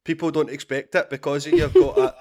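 Animated Scottish man telling stories. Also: a little high, a little fast. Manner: animated storytelling, laughing, swearing, repeated restarts. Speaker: stand-up comedian, podcast guest. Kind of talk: casual podcast chat.

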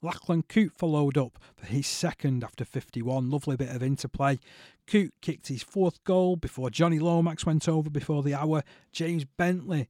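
A man's voice: fairly high pitch, moderate pace, darkish tone, no room sound, clean studio sound. A man hosting a podcast, chatting casually about sport and often checking for agreement with tag questions. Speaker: podcast host.

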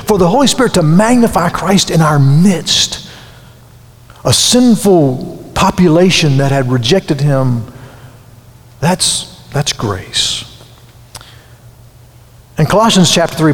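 Gravelly preacher in a reverberant hall. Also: male voice, fairly high pitch, expressive, slow pace, pauses often. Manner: earnest preaching with restarts and emphatic repetition. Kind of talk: sermon.

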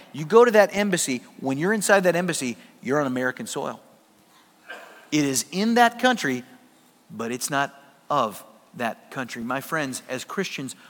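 A man with a high voice preaches a sermon in a long-reverberating hall. He pushes his points to loud, emphatic peaks, then drops low and quiet. His delivery is that of a pastor speaking to his congregation.

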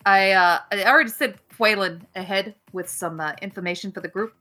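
A woman's voice: medium pitch, fairly quick, bright, forceful tone. A young woman narrating a tabletop game as game master, casual and profane, voicing many characters.

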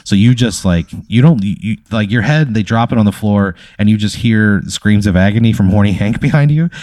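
Laughing young game master, low voice. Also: male voice, fairly quick, a little mellow, no echo, studio quality. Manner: loose, rambling storytelling with frequent laughs. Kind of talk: narrating a tabletop game.

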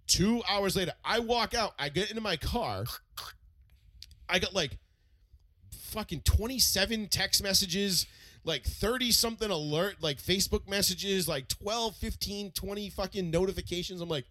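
A man talks sports in a loose, animated way, swearing as he goes and restarting his sentences. His voice is bright and a bit high. The sound is dry and close. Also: normal speed, dry recording. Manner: animated, profane storytelling with lots of restarts. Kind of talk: casual sports chat.

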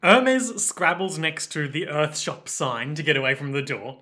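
A man co-hosting a podcast, casually recapping a story and joking, slipping into quick quoted voices. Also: fairly high pitch, pushed and bright. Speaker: podcast co-host. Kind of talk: casual comedic recap chat.

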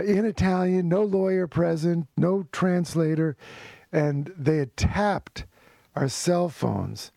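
Gravelly man telling a story. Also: on the high side, dry recording. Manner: lively storyteller who acts out quoted voices, with restarts and chuckles. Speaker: author guest. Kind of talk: anecdotal storytelling in conversation.

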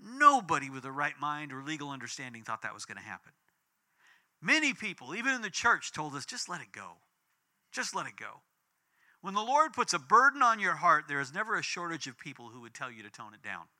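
Bright, animated male preacher. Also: quick pace. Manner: animated storytelling with big swings in pitch and volume. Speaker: pastor. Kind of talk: sermon.

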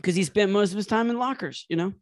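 A man with a high voice riffs through a casual comedy chat, laughing often and breaking into silly voices. The sound is close and dry, with no room around him. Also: quick pace, no room sound. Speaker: podcast co-host.

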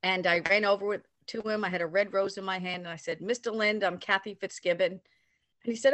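Older woman telling a lively anecdote. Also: mid-range voice, brisk, no echo. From New York area. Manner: animated, acts out quoted voices. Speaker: storyteller recounting a personal memory. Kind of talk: casual anecdote.

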